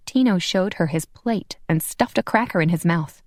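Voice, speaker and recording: A woman narrating a romance audiobook in an expressive, scripted style. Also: fairly low pitch, normal speed, hardly any pauses, dry recording, studio quality. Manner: expressive, voices every character.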